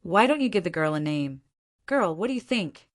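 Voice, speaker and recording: A woman's voice: fairly low pitch, sing-song, moderate pace. A woman reading as a polite snake-demon mother. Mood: courteous.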